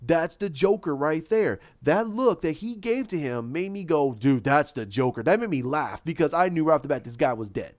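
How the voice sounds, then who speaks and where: A man's voice: a little high, sing-song, normal speed, few pauses, a little mellow. A man giving his casual opinions, rambling with frequent restarts and acting out quotes. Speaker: video host giving opinions. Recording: dull lo-fi recording.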